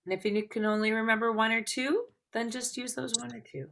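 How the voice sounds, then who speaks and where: Female instructor, bright tone, chatty teaching with frequent check-ins. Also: fairly high pitch, brisk, creaky. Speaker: tapping class teacher. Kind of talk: live class instruction.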